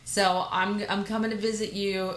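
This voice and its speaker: A woman's voice: medium pitch, little pitch movement, normal speed. A woman hosting a podcast in casual chat, chatty and self-deprecating, with stumbles and restarts. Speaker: podcast host. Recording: roomy echo with faint noise.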